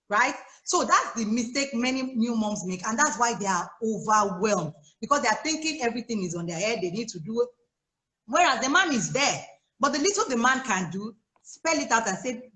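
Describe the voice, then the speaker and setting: Animated Nigerian woman on a roomy call. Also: fairly high pitch, moderate pace. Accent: Nigerian English. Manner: animated and chatty, with frequent laughs and asides. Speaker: guest life coach for mothers. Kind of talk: casual advice on a live chat. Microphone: phone or laptop on a video call.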